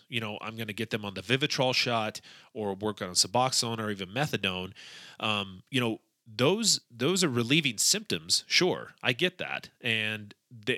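A man's voice: mid-range voice, pushed and bright, no room sound. A man speaking as an addiction counselor in a casual discussion, thoughtful and hesitant with many fillers.

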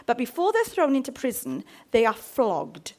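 A woman's voice: a little high, normal speed. A woman preaching a sermon and reading scripture, often checking in with her congregation. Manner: animated, asks the congregation for responses. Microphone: handheld mic.

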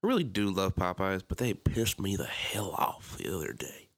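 A man's voice: sits low, normal speed. A young man with a Philadelphia-area American accent, chatting casually on a podcast and acting out his stories with lots of swearing. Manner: animated storytelling, swears a lot, acts out quotes loudly. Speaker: podcast co-host. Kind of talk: casual chat.

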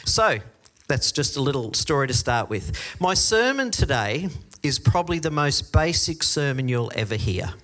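A middle-aged Australian man delivers a sermon as a string of stories. He switches into the voices of the people he quotes, and his own pitch sits in the ordinary middle range for a man. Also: normal speed. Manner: storytelling, animated quoted voices. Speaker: pastor.

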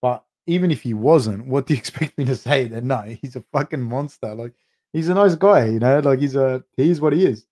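Speaking briskly in a dark, medium-pitched voice, a middle-aged man hosts a live show recapping fights. He reads viewers' comments out and responds with loose, profane rambling and many filler words.

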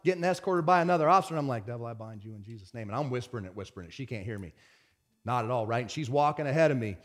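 A man preaching a lively sermon as pastor, swinging from loud bursts to hushed whispers. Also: high voice.

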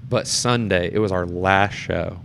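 A young man with a lowish voice, telling a backstage story in a loose, conversational way. His voice leaps up whenever he acts out his own reactions. A faint hum of room ambience sits behind him. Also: unhurried, gravelly. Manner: animated storyteller, voice jumps up in quoted reactions. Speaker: theatre performer and board member. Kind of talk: casual interview chat.

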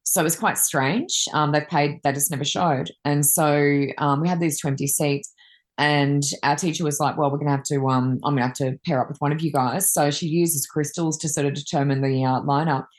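Chatty Reiki woman, low deep voice, rambling casual stories. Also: steady tone, fairly quick. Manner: chatty, rambling, many fillers. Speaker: Reiki master and card reader. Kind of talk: casual chat, telling anecdotes.

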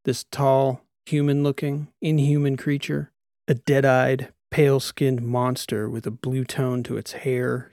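A man narrates a science-fiction audiobook in the first person, with a steady, measured pace. His voice sits at a middle pitch, and the recording is close and dry, with no room sound. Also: no room sound.

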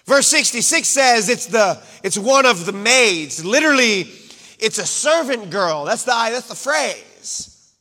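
Male preacher with a high, bright voice, recorded in a hall with long reverb, dramatic dynamic swings. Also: expressive, moderate pace. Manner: dramatic swings from loud to hushed, acting out quotes. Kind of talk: sermon.

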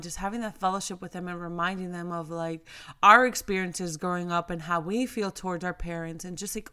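A woman's voice: on the low side, fairly bright tone. Earnest rambling woman telling a story. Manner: rambling, heavy with fillers and restarts, earnest. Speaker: mother sharing a personal faith story. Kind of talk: casual storytelling to camera.

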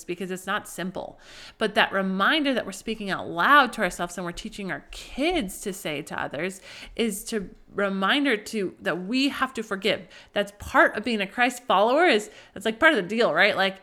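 A woman's voice: mid-range voice, sharp tone. Earnest woman talking about parenting. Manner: earnest, conversational, with frequent "like" and "right?". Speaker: podcast host. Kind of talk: faith-based parenting talk.

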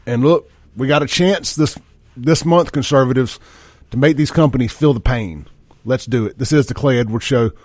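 A man hosts a talk radio show in a blunt, folksy, fired-up way. His voice sits in a middle pitch. The studio sound is dry and close. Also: moderate pace, darkish tone, no echo.

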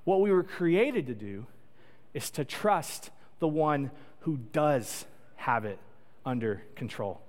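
A man's voice: fairly high pitch, lively intonation, takes it slowly, darkish tone. A man preaching a sermon in a conversational, joking storytelling way. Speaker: pastor. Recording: long echo of a large hall.

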